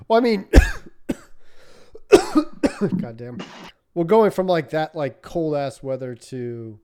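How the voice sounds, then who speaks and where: A man's voice: fairly high pitch, huge pitch swings, takes it slowly, dark tone, clear, resonant tone. A man in casual podcast chat, laid-back, swearing freely and laughing often.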